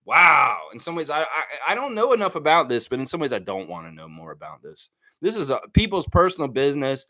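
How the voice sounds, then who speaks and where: Male host, casual live-stream banter, quick laughs, easygoing. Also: mid-range voice, sing-song, bright, forceful tone. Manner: chatty, laughs often, sings snippets, many fillers. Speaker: sports livestream host. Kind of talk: casual live chat reading viewer comments.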